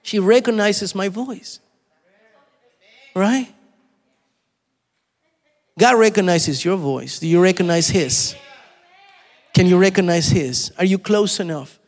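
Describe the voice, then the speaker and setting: A man's voice: sits high, expressive, normal speed, in a large hall. A man preaching a sermon, repeating his points with emphasis and asking his listeners questions. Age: adult.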